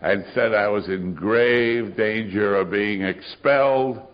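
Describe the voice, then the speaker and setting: Very deep-voiced older man, wry storyteller. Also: slow pace. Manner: wry, sardonic storytelling with dry humor. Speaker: AA speaker. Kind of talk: recovery story talk. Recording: muffled recording of a live talk.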